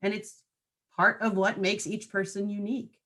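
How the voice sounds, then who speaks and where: Woman trainer, conversational, mid-pitched, keeps checking in with the group. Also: little pitch movement, moderate pace, a bit bright. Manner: conversational, checks in with frequent tag questions. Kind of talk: online training presentation.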